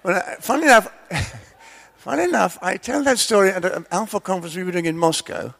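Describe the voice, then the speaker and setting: A man preaching in a relaxed, chatty way, drifting into jokes and stories with self-deprecating asides. His voice is gravelly and sits a little high for a man. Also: a little fast. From Scotland. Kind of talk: sermon with humorous storytelling.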